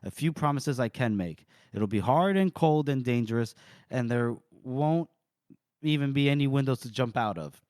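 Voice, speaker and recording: A man's voice: medium pitch, expressive, normal speed, darkish tone, dry recording, clean studio sound, lightly acted. A man voicing a tough young frontier woman who speaks in a blunt, bitter way.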